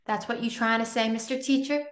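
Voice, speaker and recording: A woman voicing a sullen young male prisoner who taunts his visitor in short, flat replies. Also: on the high side, a little fast, lightly acted. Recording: roomy echo.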